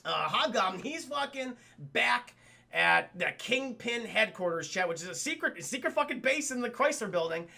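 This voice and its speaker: An excitable man reviewing a cartoon episode on a live stream, swearing freely as he talks to his chat. His voice is bright and gravelly, and it jumps around a lot in pitch. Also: moderate pace.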